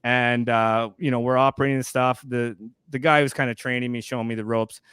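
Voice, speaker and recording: Man, casual podcast storytelling, smooth clear voice, dry close sound. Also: mid-range voice, steady tone, brisk, a bit bright, no echo. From Canada. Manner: rambling, acts out quoted lines. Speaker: podcast co-host.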